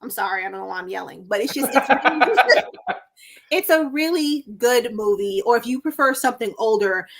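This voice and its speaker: Female guest, excitable and full of fillers, slightly high-pitched. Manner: enthusiastic, halting with fillers. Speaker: podcast guest. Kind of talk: casual chat.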